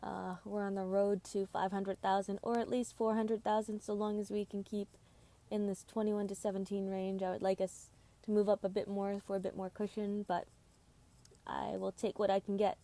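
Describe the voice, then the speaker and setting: A woman's voice: medium pitch, little pitch movement, moderate pace, warm tone. A tired woman streaming a mobile game at home, chatting casually and rambling about her team. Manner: rambling, chatty, self-deprecating. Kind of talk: casual gameplay commentary.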